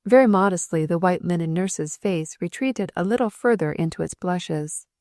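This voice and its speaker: A woman narrating a novel as an audiobook, telling the story in an expressive, dramatic way. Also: fairly low pitch, normal speed, no echo, clean studio sound.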